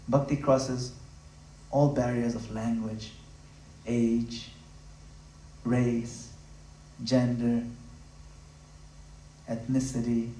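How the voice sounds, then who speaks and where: A man giving a devotional talk at a home gathering, impassioned and conversational, swinging from loud emphatic peaks to low, intimate asides. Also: a little hiss or hum. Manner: conversational, acts out quick voices of listeners. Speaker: spiritual speaker. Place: room in a home. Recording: roomy, from a distance.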